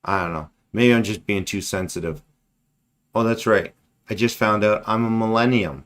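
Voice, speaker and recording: A man's voice: on the low side, normal speed, a bit bright. A man in his forties, hosting a livestream and ranting bluntly and sarcastically with lots of swearing, his voice a bit strained. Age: 40s. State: losing his voice. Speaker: livestream host. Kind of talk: casual ranting commentary.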